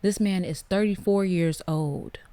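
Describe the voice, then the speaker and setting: A woman hosting a casual podcast, blunt and profane, getting animated with loud laughing outbursts. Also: fairly low pitch, unhurried. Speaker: podcast host. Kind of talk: casual podcast chat, reading listener stories.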